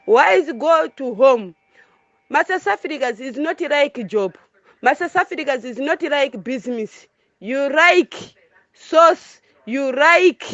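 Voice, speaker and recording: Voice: high voice, a bit bright, dry recording. A foreign resident giving an impassioned monologue in broken English, repeating points emphatically. The recording is dull and lo-fi.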